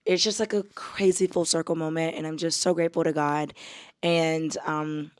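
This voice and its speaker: A woman's voice: low-pitched, fairly even intonation, moderate pace, clean tone. A young woman from the United States, chatting casually to camera as a travel vlogger, full of fillers and calling her viewers y'all. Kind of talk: casual vlog chat to camera.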